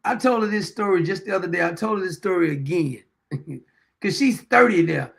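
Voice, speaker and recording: A man's voice: high voice, moderate pace, gravelly, fairly bright tone. A man in his fifties hosting a show, telling folksy anecdotes in a casual monologue, chuckling often and repeating phrases for emphasis. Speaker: show host.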